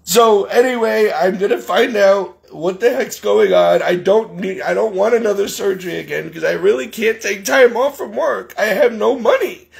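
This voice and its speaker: A man in his forties pours out a rambling, exasperated vlog through tears. His voice sits high for a man and has a gravelly, crackly edge, and his talk stays raw and emotional throughout. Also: normal speed, hardly any pauses. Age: 40s. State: tearful, crying. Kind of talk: casual vlog monologue.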